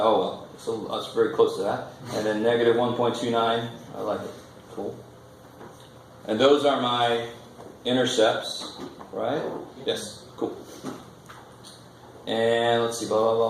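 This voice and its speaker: A male math teacher talking through graphs in a very echoey classroom, his voice a bit gravelly. He is loose and joking, thinking aloud while he works at the board. A faint hiss sits under the recording. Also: mid-range voice, flat delivery, takes it slowly, pauses often. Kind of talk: classroom lecture.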